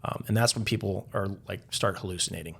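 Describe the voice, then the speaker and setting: A man's voice: low-pitched, quick pace, creaky, slightly rough. A man, a guest on a podcast, telling stories casually with many filler words and a chuckle now and then. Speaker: podcast guest, Navy veteran. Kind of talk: casual storytelling interview.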